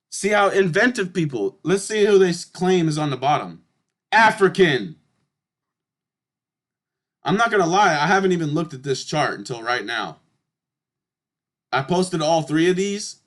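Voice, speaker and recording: A man's voice: sits high, fairly bright tone. A man talking casually through historical charts, blunt and emphatic, swearing and addressing his viewers directly. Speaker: channel host.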